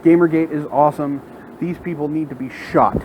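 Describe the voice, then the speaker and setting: High-voiced man ranting and swearing. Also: fairly even intonation, normal speed, background noise. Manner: heated, profane ranting. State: angry. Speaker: vlogger. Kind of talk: unscripted rant to camera. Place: at work, in front of a large window. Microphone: phone.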